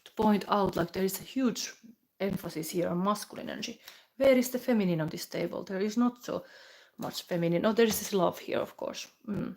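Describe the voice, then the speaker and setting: Woman doing a live tarot reading, slow musing voice, mid pitch. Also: vocal fry, a little mellow, low-quality recording. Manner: slow, musing, reads card texts then comments with fillers. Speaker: tarot reader.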